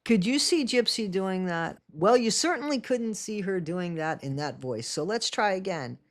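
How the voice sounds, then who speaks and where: Woman, channel host, reaction commentary, blunt, sarcastic, mid pitch. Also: expressive, normal speed, a little hiss or hum.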